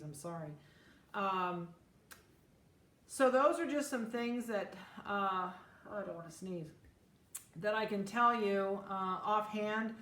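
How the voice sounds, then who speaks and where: A woman's voice: lowish voice, a bit bright, echoey room. A middle-aged woman breeder giving casual, practical puppy-care advice in a plainspoken, chatty way. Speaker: dog breeder. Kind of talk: casual instructional talk.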